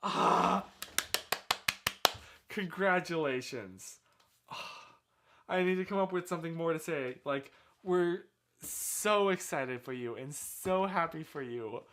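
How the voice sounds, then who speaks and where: A man with a slightly high voice speaks slowly, with long pauses, while hosting a casual livestream from a small room at home. He chats animatedly with viewers and congratulates them effusively, using a desk microphone he sometimes turns away from.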